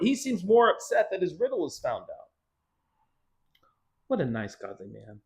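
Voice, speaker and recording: A man's voice: high voice, huge pitch swings, normal speed, long pauses. A man pastor teaching a casual Bible study, conversational with joking, sarcastic asides.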